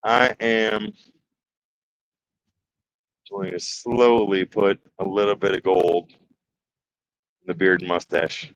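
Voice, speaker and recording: A Detroit-area man, voice on the low side, hosts a casual woodworking livestream, cracking jokes, reading chat comments aloud and letting out nervous exclamations as he works. The audio is dull.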